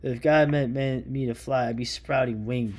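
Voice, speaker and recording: A man's voice: mid-range voice, steady tone, moderate pace, natural voice. A man voicing a reluctant young male airman who refuses to fly, in a blustering, indignant way.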